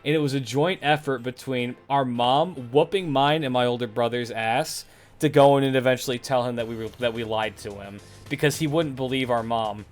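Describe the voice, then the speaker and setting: A man's voice: medium pitch, moderate pace. Male streamer, profane rambling storyteller, faint music under him. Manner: profane, laughing, rambling with restarts. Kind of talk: casual storytelling on a live stream.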